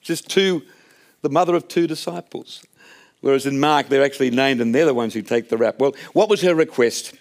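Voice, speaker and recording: A man's voice: medium pitch, brisk. A man preaching a sermon in a conversational, storytelling way, often restarting his phrases. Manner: conversational, storytelling, self-correcting.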